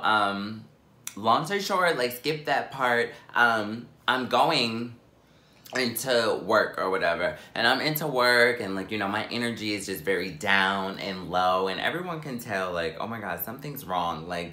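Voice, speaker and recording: A man's voice: on the low side, a little slow. Dramatic, chatty young man in an echoey room. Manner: animated, dramatic, heavy use of "like". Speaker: vlogger telling a personal story. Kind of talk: storytime vlog.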